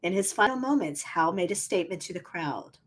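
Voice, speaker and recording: A woman's voice: fairly low pitch, lively intonation, brisk, a little hiss or hum. A woman hosting a casual podcast, reading history notes in a chatty way and correcting herself as she goes. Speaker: podcast host.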